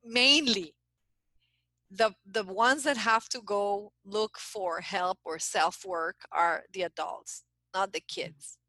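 A middle-aged woman coach, a guest in a casual interview, tells a story animatedly, speaking in bursts and restarting often. Her medium-pitched voice moves slowly, and the recording is dry and rough.

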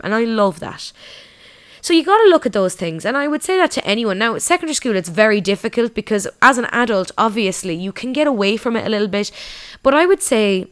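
A woman's voice: on the low side, a bit bright, clean tone. A young woman, talking frankly and candidly to her viewers in a casual, sweary monologue.

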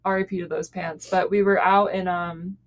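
Here a young female podcast co-host shares embarrassing stories at a normal pace, her voice lowish and her tone level. The chat is casual, giggly, and packed with "like."

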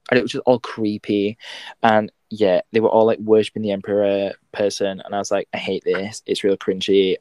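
A woman's voice: very deep voice, darkish tone, dry recording. A young woman with a British accent, co-hosting a casual podcast, slangy and laughing easily. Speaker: podcast co-host. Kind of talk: casual chat.

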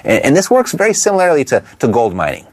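A man teaching real estate investors how to talk to motivated sellers, in a lively coaching manner that keeps asking the listener rhetorical questions. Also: fairly high pitch, fast. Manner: briefly imitates a Texan twang. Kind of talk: instructional talk to camera.

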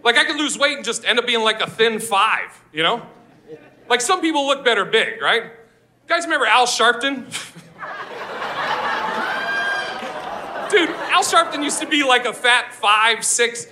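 A man doing a stand-up comedy set on a live stage, loud and brash, swearing and laughing at his own jokes. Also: very high-pitched, huge pitch swings, slow pace, pauses often, a crowd in the background. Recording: live show with audience laughter.

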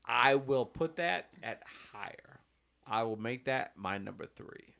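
A man's voice: mid-range voice, animated, measured pace, gravelly, pushed and bright. A man co-hosting a podcast, chatting casually in a laid-back, profane, rambling way. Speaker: podcast co-host. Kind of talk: casual chat.

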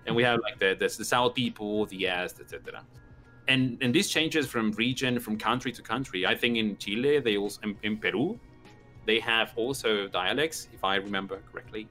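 A man from northern Mexico, a native Spanish speaker, speaks English with a Mexican accent. His fairly low voice has a bright, forceful edge. He chats easily and laughs often, with faint music behind him. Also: moderate pace. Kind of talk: casual chat.

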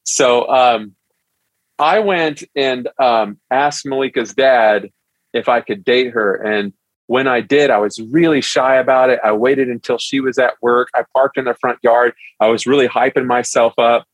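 A middle-aged man, a pastor, telling a personal story as a podcast guest in a relaxed, chatty way. He speaks in a mid-range voice and acts out the scene with lively energy. The recording is dry and close on the mic, with no room echo. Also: mid-range voice, measured pace. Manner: animated storyteller who acts out quotes. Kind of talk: storytelling in a casual interview.

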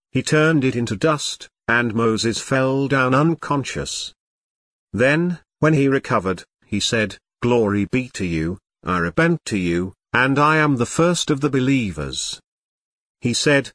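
A man reading a translated scripture aloud in slow, measured, solemn phrases. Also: medium pitch, a bit bright, no echo, studio quality.

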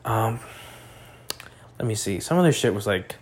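A young man talking crudely in a rambling casual monologue, full of fillers and slang, tipsy and high. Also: expressive, moderate pace, pauses often, slightly rough.

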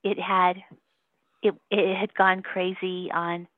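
A woman's voice: fairly low pitch, flat delivery, slow, no room sound. A woman giving a casual phone interview, rambling and emotional, laughing often between her points. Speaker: interview guest. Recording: tinny phone line.

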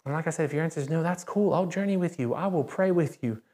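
A man's voice: on the high side, fast. Emphatic, conversational male pastor preaching. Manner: animated, rises sharply when excited. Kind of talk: sermon. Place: church.

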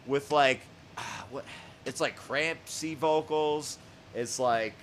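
A man hosting a music podcast in casual chat, profane and excitable, laughing often and shouting out lines he quotes. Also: mid-range voice, takes it slowly, a little hiss or hum. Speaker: podcast host.

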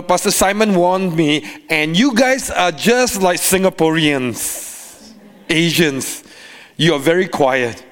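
A man preaching a sermon as a guest preacher, animated, with sing-song cadences and frequent laughter. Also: sits high.

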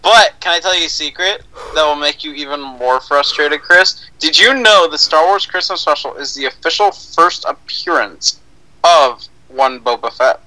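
Bright, insistent young man, dry sound. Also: fairly high pitch, moderate pace, dry recording, poor audio. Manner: mock-solemn and insistent, repeats names for emphasis. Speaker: podcast co-host. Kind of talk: casual chat.

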